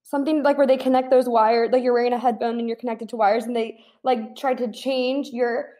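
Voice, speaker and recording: A woman hosting a casual chat, reacting with sympathy and quick quips. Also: fairly high pitch, steady tone, mellow.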